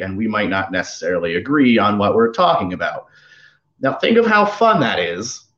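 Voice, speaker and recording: A man's voice: medium pitch, a bit bright. A man guesting on a podcast, chatting casually and profanely, rambling and acting out exasperated quotes over a remote call. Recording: roomy, dull lo-fi sound.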